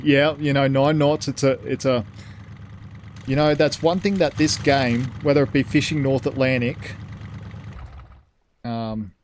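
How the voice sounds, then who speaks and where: A man's voice: medium pitch, darkish tone, slight background noise. A man streaming a ship game live, rambling as he thinks aloud and thanks his chat.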